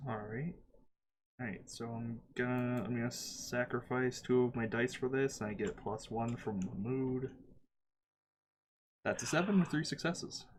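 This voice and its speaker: A man's voice: medium pitch, measured pace. A man playing his character in a tabletop game, earnest and rambling in character. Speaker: player.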